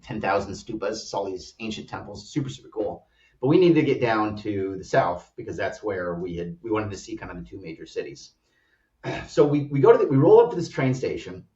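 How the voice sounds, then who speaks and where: Rambling American man, distant and roomy. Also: lowish voice. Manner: animated, rambling storyteller with many "like" fillers. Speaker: startup co-founder guest. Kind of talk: casual travel storytelling. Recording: roomy, distant, dull-sounding audio.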